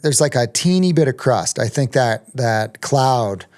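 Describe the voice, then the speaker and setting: A man's voice: medium pitch, expressive, a little slow, darkish tone. A middle-aged man telling a long story as a podcast guest, rambling with many ums and restarts. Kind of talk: casual storytelling.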